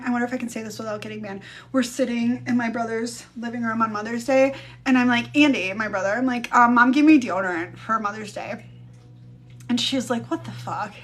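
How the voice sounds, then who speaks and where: A woman's voice: fairly high pitch, fairly bright tone. A woman in her thirties chatting casually on a live stream, telling stories with quoted voices and some swearing. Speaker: livestream host.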